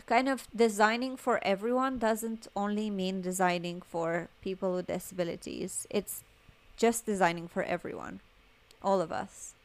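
A woman's voice: mid-range voice, fairly even intonation, moderate pace. A woman with a noticeable accent, a podcast guest speaking thoughtfully in casual conversation. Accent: non-native accent. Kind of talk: casual chat.

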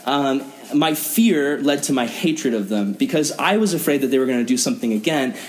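A young man preaching earnestly to teenagers as a youth pastor, animated and acting out other people's lines. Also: medium pitch, a little fast. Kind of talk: sermon to teenagers.

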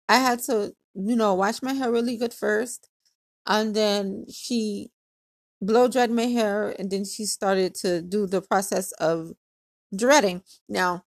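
A woman's voice: on the high side, vocal fry, dry recording, studio quality. A woman hosting her own podcast, telling a casual story in a chatty way, laughing often and acting out what others said. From Hawaii. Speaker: podcast host.

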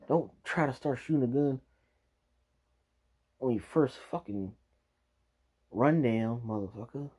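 Dark, husky man ranting angrily. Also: medium pitch. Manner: angry, swearing, ranting. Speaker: commentator reacting to news clips. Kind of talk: profane reaction commentary. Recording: dull lo-fi recording.

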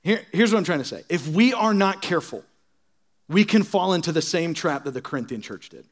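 High-voiced young man preaching casually. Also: big pitch swings. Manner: casual, sarcastic, mimics churchgoers in quick asides. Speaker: pastor. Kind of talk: sermon.

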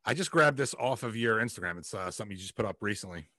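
Laid-back man with a bright voice. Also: lowish voice, expressive, quick pace, dry recording, clean studio sound. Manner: laid-back, agreeable, says "man" and "dude". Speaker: host. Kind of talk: casual interview chat. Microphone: video call.

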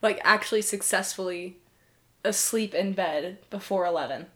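A woman's voice: medium pitch, normal speed, bright, forceful tone. Giggly, playful woman co-hosting a podcast. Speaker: podcast co-host. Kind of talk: casual podcast banter.

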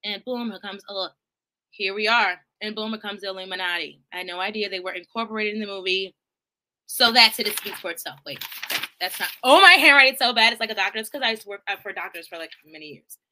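A woman live streamer chatting casually about a movie, rambling and animated, with swearing and laughing asides. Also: medium pitch, quick pace. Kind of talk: casual movie recap chat.

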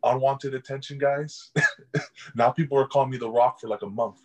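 A young man, a college football player, casually tells stories in an interview and often breaks into laughter. His voice is medium-pitched, mellow and slightly rough with a steady tone, and he talks a little fast. The recording is rough.

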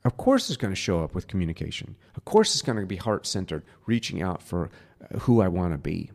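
A man hosting a spiritual podcast, teaching in a casual, earnest way and dropping to a soft, slow voice to demonstrate. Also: sits low, very animated, gravelly.

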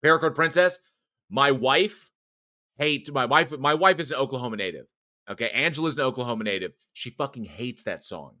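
A man with a bright, forceful voice chats casually about horror films as a podcast co-host. He rambles, restarts his sentences and laughs often. The sound is close and dry, with no room around it. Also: mid-range voice, expressive, a little fast, no echo. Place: home office.

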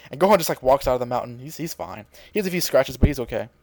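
A young man co-hosting a podcast, rambling through a casual episode recap and slipping into quick impressions of characters. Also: mid-range voice, lively intonation, a little mellow, no room sound. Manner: rambling, mimics characters' lines in quick voices. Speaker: podcast co-host.

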